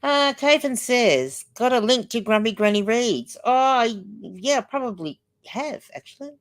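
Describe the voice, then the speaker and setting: A woman's voice: on the high side, big pitch swings, measured pace. An older woman hosting a casual livestream, chatty and rambling as she reads out viewer comments. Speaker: livestream host.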